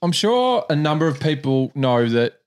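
A man's voice: a little high, very animated, moderate pace, clear, resonant tone. A man co-hosting a podcast in casual chat, easygoing and swearing casually, with the hiccups. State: has the hiccups. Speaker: podcast co-host.

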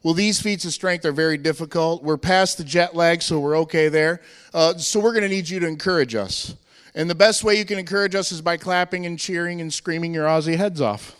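An American man presenting a strength team show at a church, joking and shouting to rally the crowd over a handheld microphone. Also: a little high, fairly quick, clean tone, big-room sound. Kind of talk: energetic church stage presentation. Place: church hall with live audience.

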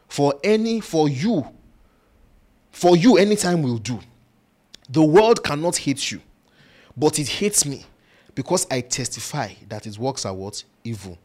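A man preaching a sermon, playfully mimicking doubters and putting questions to his listeners. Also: mid-range voice. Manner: animated, mimics doubters in playful voices, asks the audience questions.

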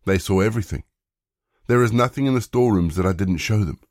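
A man reads a humbled, ailing old king in a low, deep voice, with plain and unhurried delivery. The recording is dry and close. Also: darkish tone, no echo, close to an everyday voice.

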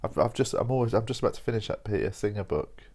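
A man's voice: lowish voice, lively intonation, fast talker, darkish tone. A young man rambling casually over coffee, informal and sweary, dropping "mate" and "like" as he talks. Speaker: podcast host.

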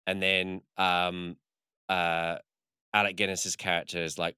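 A man's voice: low voice, level tone, moderate pace, pushed and bright, smooth, dry recording, clean studio sound. A man in casual chat, rambling through a story with lots of fillers and swearing.

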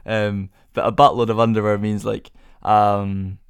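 A man's voice: lowish voice, level tone, unhurried, clean tone, no echo, studio quality. A young man hosting a casual solo podcast, rambling through rhetorical questions with self-amused musing. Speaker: podcast host.

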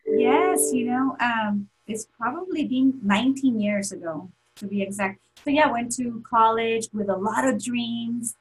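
A woman's voice: a little high, a little slow, hardly any pauses, husky, low-quality recording. A woman in her forties, a podcast guest, telling a painful personal story in an emotional, candid way with many restarts.

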